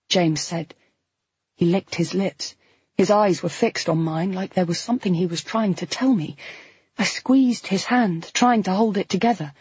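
A woman reads a first-person novel aloud in a very breathy voice, with an expressive, emotional delivery. The recording is dry and close, with a slightly dull, muffled top end. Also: on the low side, a little slow, no room sound. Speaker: audiobook narrator.

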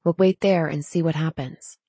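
A woman reading the part of an anxious, determined young woman who speaks in a hushed, pleading way. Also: low voice, fairly even intonation, moderate pace, breathy edge, dry recording.

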